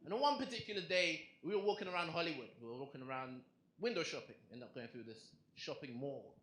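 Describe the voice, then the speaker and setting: Bright, animated young stand-up comedian. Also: male voice, fairly high pitch, fast. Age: young adult. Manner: animated storytelling with acted-out quotes. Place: comedy club stage before a live audience. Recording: roomy live club recording. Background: audience laughter.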